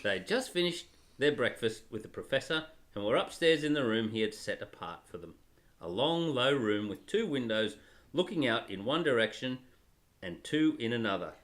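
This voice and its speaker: A father reads a children's story aloud, breaking off to joke and tease. His delivery is lively and animated, with a mid-range pitch. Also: normal speed. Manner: playful, laughing, teasing. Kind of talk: storybook reading with jokey family banter.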